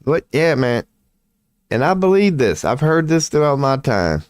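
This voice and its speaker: A man's voice: mid-range voice, big pitch swings, measured pace, no echo, studio quality. A tired man rambling indoors at home in a late-night vlog, profane, slangy and laughing at himself. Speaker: vlogger.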